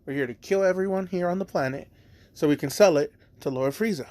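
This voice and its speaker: A man's voice: on the high side, a little fast, a little mellow, close to an everyday voice. A man doing boastful alien mercenaries.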